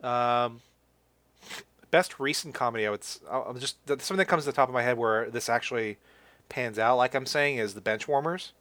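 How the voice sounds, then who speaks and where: A man's voice: mid-range voice, brisk, fairly bright tone, no room sound. A young man chatting casually about movies as a podcast co-host, rambling with lots of fillers and restarts.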